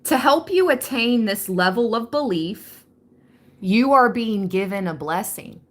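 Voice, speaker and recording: A woman giving a spiritual card reading. She reads the messages slowly and with emphasis, then slips into casual asides. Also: on the high side, lively intonation. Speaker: tarot reader.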